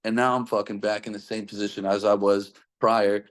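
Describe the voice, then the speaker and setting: A man's voice: on the low side, level tone, fairly quick. Young man swearing through a rambling story. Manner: rambling, heavy swearing, frequent fillers. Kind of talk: casual personal storytelling.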